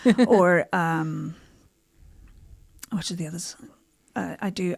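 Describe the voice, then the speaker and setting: A woman stand-up comedian from Africa chats as a podcast guest, telling stories with deadpan asides. Her voice sits low with a gravelly fry. The sound is close and dry. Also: slow pace, dry recording. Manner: deadpan, cheeky storytelling with asides. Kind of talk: casual podcast chat, storytelling.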